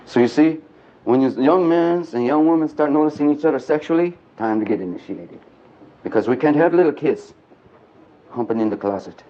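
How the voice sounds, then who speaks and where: Male lecturer, mid-pitched, animated and earthy with jokes to the crowd; muffled lo-fi tape. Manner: animated and earthy, mixing jokes and blunt language. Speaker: speaker at a men's gathering. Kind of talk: storytelling lecture to a live audience. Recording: dull lo-fi archive tape.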